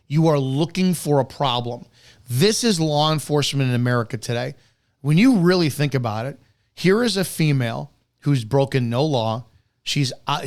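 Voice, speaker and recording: A man hosting a show on police footage, talking bluntly and profanely as he breaks down a bodycam clip. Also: mid-range voice. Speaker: host reviewing police footage.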